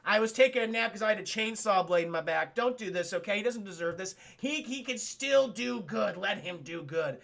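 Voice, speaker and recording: A man voicing a calm male mystic fighter, pleading earnestly in a loose paraphrase. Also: high-pitched, a little fast, gravelly, hardly any pauses, exaggerated voice.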